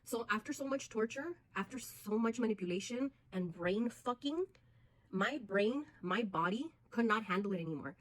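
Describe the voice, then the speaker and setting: Woman vlogger, personal storytelling to camera, earnest and direct with her audience, middle pitch. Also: lively intonation, normal speed, rough recording. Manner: earnest, addresses viewers as "you guys" often.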